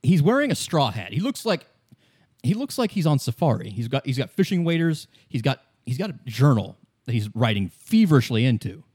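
A man narrating a tabletop role-playing game as game master, in a relaxed, descriptive way. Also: medium pitch, fairly quick, slightly rough, no echo, clean studio sound. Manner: relaxed, descriptive, occasional restarts.

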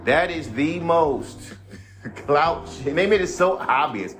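A man's voice: fairly high pitch, expressive, slow, fairly bright tone, soft background music. A man hosting his own podcast, a rapper ranting in a laid-back, rambling, profane way. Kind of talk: casual monologue.

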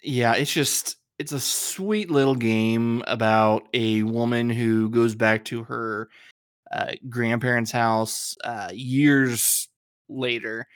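A man on a podcast speaks in a middle pitch, hesitant and full of likes and ums. His voice is dry and close to the mic. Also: steady tone, slow pace, smooth, no echo. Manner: soft-spoken, hesitant, many likes and ums. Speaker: podcast co-host. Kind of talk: casual chat.

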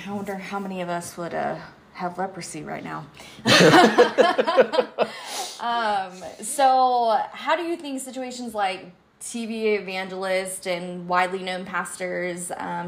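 A woman's voice: mid-range voice, a little hiss or hum. A woman co-hosting a casual faith podcast, asking questions in a light way. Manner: light, asks questions, laughs easily. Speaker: co-host, host's wife.

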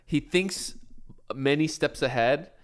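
A man's voice: a little high, slow pace. A man co-hosting a podcast in casual chat, playful, who acts out quoted voices. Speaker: podcast co-host.

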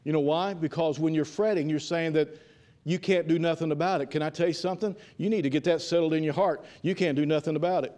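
A man with a high voice preaches to a congregation in a church. He builds his points by repeating lines and often restarts his phrases mid-thought. His delivery is fervent and insistent. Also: steady tone, quick pace, dark tone. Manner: fervent, repetitive, with frequent restarts. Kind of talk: evening sermon.

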